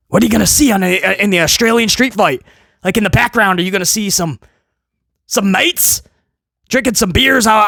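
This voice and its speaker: A man's voice: high voice, gravelly, fairly bright tone, no echo, studio quality. A man hosting a casual video review, ranting in a sarcastic, exasperated way and rambling with many restarts. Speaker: wrestling show reviewer, host.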